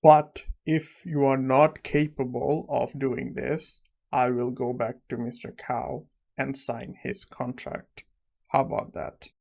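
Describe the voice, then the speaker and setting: A man's voice: mid-range voice, level tone, slow, creaky, a little mellow. A man voicing a pushy middle-aged father who bargains over a deal.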